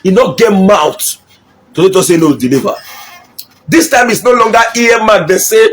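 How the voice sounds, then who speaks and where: A man's voice: sits high, lively intonation, normal speed. A middle-aged Nigerian man giving an impassioned political speech, mixing Pidgin with English and repeating his points for emphasis. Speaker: local politician.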